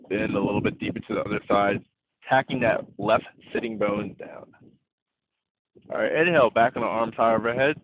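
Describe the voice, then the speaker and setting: A man leading an online yoga class, gently cueing breaths and poses in a playful way. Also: mid-range voice, a little hiss or hum. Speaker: yoga instructor. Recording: tinny phone-like audio, dry.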